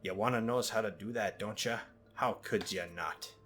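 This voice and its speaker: A man's voice: on the low side, normal speed, a bit bright, soft background music, close to an everyday voice. A man voicing a greedy, scheming male goblin scout in a game, with a loose put-on Caribbean-ish lilt and slangy broken grammar. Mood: wheedling.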